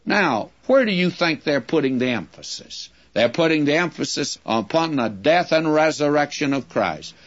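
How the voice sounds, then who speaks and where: A man preaching a sermon-style Bible lesson, measured and explanatory, calling his listeners friends. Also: fairly high pitch, lively intonation. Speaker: Bible teacher. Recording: dull lo-fi recording.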